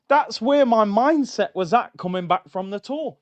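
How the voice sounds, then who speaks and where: A man hosting a casual fan livestream, animated and full of banter, repeating his phrases. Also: sits high, moderate pace, hardly any pauses. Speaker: livestream host. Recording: slightly dull lo-fi sound.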